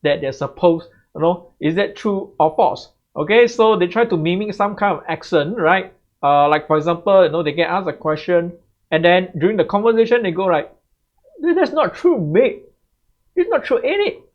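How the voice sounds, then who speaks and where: A man's voice: high-pitched, brisk. A man giving exam tips as a tutor, in a chatty way that keeps checking back with "right?". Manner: conversational, tags sentences with "right?". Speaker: English tutor. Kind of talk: exam tips lesson to camera. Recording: slightly muffled lo-fi audio.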